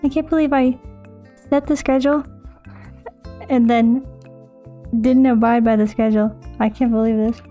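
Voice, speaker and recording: A woman's voice: a little high, fairly even intonation, normal speed, long pauses, warm tone, lo-fi sound, soft background music. A young American woman chatting casually with her live-stream viewers, bubbly and self-mocking. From United States.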